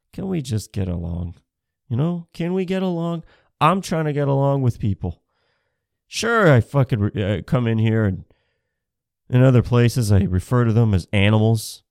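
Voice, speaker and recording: A man's voice: medium pitch, vocal fry, a little mellow, no room sound, studio quality. A man in his thirties doing a rambling, profane, self-mocking stand-up comedy set. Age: 30s.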